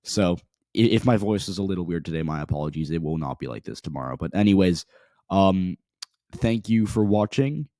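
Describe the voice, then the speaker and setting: A hoarse young man talks through election numbers in a loose, rambling way and keeps correcting himself. His voice is low and mellow. The recording is dry and close. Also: lively intonation, fairly quick, no echo. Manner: rambling, self-correcting delivery. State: hoarse from yelling. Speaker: political commentator. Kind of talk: casual election analysis.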